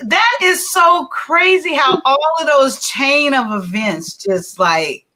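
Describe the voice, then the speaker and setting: A woman chatting casually, excitable and emphatic. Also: high-pitched, slow pace, background noise. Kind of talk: casual chat.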